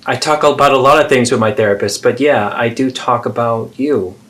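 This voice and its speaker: A man's voice: mid-range voice, fairly quick, fairly bright tone. A man, therapist and host, acting out an adult child confronting a parent in a role-play, earnest and pleading.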